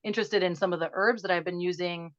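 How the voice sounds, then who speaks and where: A middle-aged woman guest speaking earnestly and emotionally in quick bursts, then slowly guiding a breathing exercise. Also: on the low side, steady tone, no echo, dull audio. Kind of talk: conversational interview, guided breathing.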